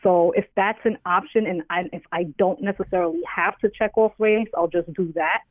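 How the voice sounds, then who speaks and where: A woman's voice: on the low side, fairly even intonation, fairly quick, no room sound. A woman guest in a casual interview, talking bluntly and acting out other people's voices. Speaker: podcast guest. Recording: tinny phone line.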